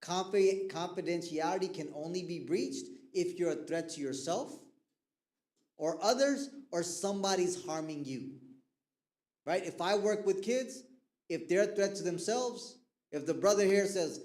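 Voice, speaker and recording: A man giving a lively lecture to young people in a mosque hall, asking the audience to fill in his words. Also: high voice, unhurried. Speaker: guest speaker on mental health. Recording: echoey hall.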